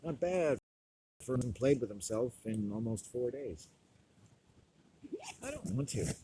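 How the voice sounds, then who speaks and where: A stoned man delivering a rambling, profane monologue, loud and laughing often. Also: mid-range voice, lively intonation, a little slow, slight background noise, poor audio. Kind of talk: profane ranting monologue to camera.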